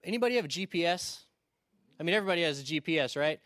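A male pastor preaching a sermon, telling stories in a conversational way with quick asides and restarts. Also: a little high, lively intonation, a bit bright, no room sound, clean studio sound. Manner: storytelling, conversational with quick asides and repeated starts.

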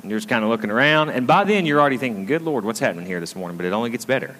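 In a school auditorium serving as a church, a male pastor preaches in a conversational way, narrating a story and drawing listeners in through many asides. His mid-range voice is a bit bright, with lively intonation and a very fast pace. Long hall reverb colors the audio.

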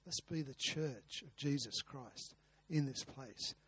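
A man's voice: mid-range voice, slow pace, a bit bright, slightly rough. A man preaching a sermon, earnest, with rhetorical questions and repeated words. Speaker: pastor. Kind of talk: sermon with a told story.

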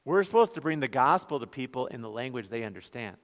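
A man's voice: medium pitch, lively intonation, fast talker, long reverb tail. A man with a Northern Minnesotan accent preaching a sermon as pastor, conversational, with rhetorical questions and joking asides. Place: church.

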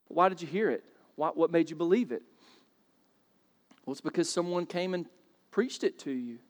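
A man preaching a sermon, asking rhetorical questions and rising to loud, emphatic bursts. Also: a little high, big-room sound. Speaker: pastor. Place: church sanctuary.

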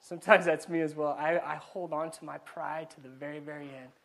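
Man preaching to a congregation, fairly high voice, animated, repeats his words, asks the room questions. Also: a little fast, creaky. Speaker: pastor. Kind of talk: conversational sermon. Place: church before a live congregation.

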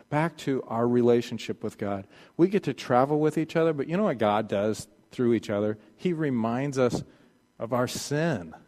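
A man preaching a sermon, swinging from loud pleading passages to hushed, quiet ones. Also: mid-range voice, in a large hall. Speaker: pastor.

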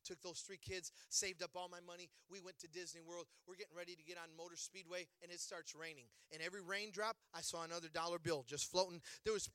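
A middle-aged male preacher with a very high, bright and forceful voice, in a dry, close sound. He tells funny stories in an animated way, acts out the quotes and works up to shouted exhortations. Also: quick pace, hardly any pauses, clear, resonant tone, no room sound. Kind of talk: humorous storytelling sermon.

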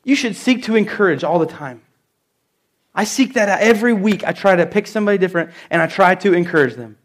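In an expressive, high voice, a middle-aged pastor delivers a church sermon full of stories, repeating his key phrases slowly and with emphasis.

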